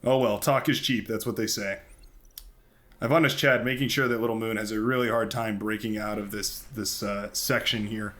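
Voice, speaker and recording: Fairly low in pitch yet a bit bright, this American commentator provides live strategy game commentary. He's chatty and upbeat, using many fillers and restarts, and there's slight background noise.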